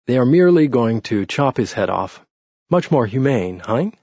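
A man voicing a cool, sarcastic Bavarian lawyer in an audiobook, with a husky, dry delivery. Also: medium pitch, very animated, normal speed, darkish tone, no echo, dull audio, voice pushed up. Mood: ironic.

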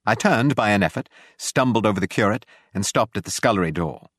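A man narrating an audiobook in a measured, grave way. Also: fairly low pitch, a bit bright, breathy edge, no echo, studio quality.

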